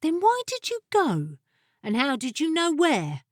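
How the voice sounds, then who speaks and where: Lady doing a grumpy sarcastic familiar creature from a storybook, slow and dry, no room sound. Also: high-pitched, wildly swooping pitch, no echo, voice pushed up, full character voice. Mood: tart. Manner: dry, disgruntled, blunt. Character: sardonic female magical familiar creature, tart-tongued.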